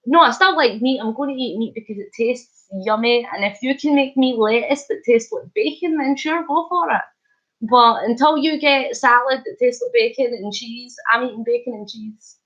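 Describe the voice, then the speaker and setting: Woman vlogger, high and unhurried, giggly and hyper, casual live-stream chat, muffled stream sound. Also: a bit bright. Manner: chatty and giggly, laughing often. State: hyper and wide awake. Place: at home. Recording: slightly muffled lo-fi stream audio.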